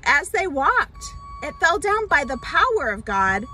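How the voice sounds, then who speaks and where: A woman pastor telling a Bible story in a children's sermon, explaining slowly with many fillers and restarts. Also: very high voice, wildly swooping pitch, sharp tone, a little hiss or hum, poor audio.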